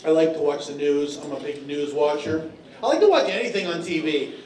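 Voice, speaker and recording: Male stand-up comic, high voice, drawling storyteller, on stage in an echoey club, miked from a distance. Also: expressive, brisk, a little mellow. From Tennessee. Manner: drawling storyteller with frequent fillers. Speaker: stand-up comedian. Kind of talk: stand-up comedy set.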